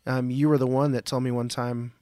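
A man's voice: mid-range voice, little pitch movement, brisk, mellow, no echo. A man co-hosting a podcast, chatting casually, rambling and playful as he sets up questions. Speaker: podcast co-host. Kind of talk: casual chat.

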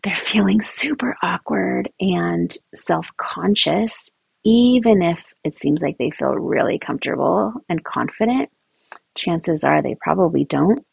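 Gravelly-voiced woman giving parenting advice. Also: lowish voice, no room sound. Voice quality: gravelly, husky. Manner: chatty, animated, acts out quotes with laughs. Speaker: podcast host speaking to mothers. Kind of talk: casual advice talk.

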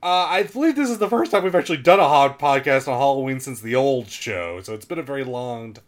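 Man, podcast co-host, mid-range pitch, wry asides, casual chat. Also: lively intonation, quick pace.

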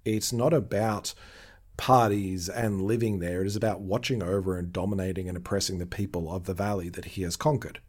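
A man hosting a relaxed podcast conversation, talking his points through at length. His voice sits somewhat low, and he laughs easily between thoughts. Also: fairly quick, husky. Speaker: podcast host. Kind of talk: casual podcast chat.

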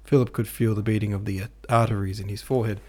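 A man reading a classic novel aloud as an audiobook narrator, with a measured, even delivery. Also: fairly low pitch. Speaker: podcast host and audiobook reader.

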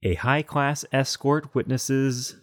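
A man co-hosting a casual podcast, speaking in an easygoing, measured way with some fillers. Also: mid-range voice, fairly even intonation. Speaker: podcast co-host presenting films.

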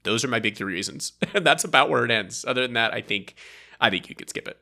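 A man co-hosting a podcast, chatting casually about a film in a rambling, animated way and laughing often. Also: mid-range voice, fast, gravelly. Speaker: podcast co-host. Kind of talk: casual movie review chat.

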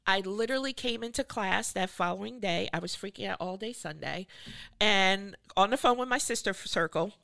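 A middle-aged woman, an artist and professor, telling a story in an animated way and acting out the voices she quotes. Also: mid-range voice, brisk, vocal fry. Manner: animated, acts out quoted voices, laughs often. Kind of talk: storytelling in a podcast conversation.

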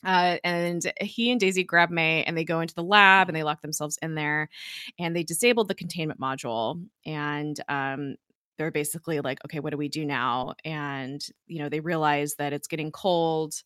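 Woman recapping a tv episode, lowish voice, lots of "like" and "um", dry close mic. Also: fairly even intonation, normal speed, sharp tone, clear, resonant tone, no echo. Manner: chatty, peppered with "like" and "um", giggly. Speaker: podcast co-host recapping a TV episode. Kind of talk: casual chat.

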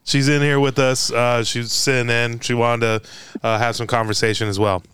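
A man hosting a casual sports podcast, relaxed and laughing easily as he steers the conversation. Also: medium pitch, normal speed, smooth, no room sound, studio quality. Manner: laid-back, laughs often, steers the talk. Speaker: podcast host.

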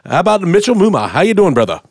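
Playful high-voiced podcast host. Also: male voice, sing-song, fast, dry recording, studio quality. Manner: playful, jokey, bursts into shouts. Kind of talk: casual podcast chat.

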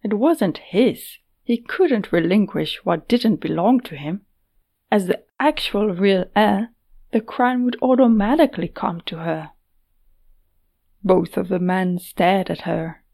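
Woman narrator, measured fantasy storytelling, slow pace with vocal fry. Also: lowish voice, a little mellow. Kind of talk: audiobook narration.

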